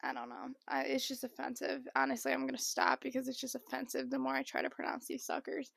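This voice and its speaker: A young woman vlogger telling a rambling, animated storytime in casual chat. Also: on the high side, fast, creaky, husky, dry recording, studio quality. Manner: chatty, rambling, animated impressions.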